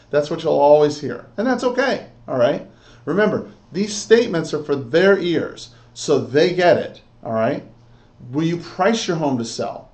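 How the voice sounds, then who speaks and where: A man's voice: fairly high pitch, a little mellow, echoey room. A man teaching real estate agents, coaching them through a sales script and often checking in with "okay?" and "all right?". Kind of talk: instructional talk with role-play.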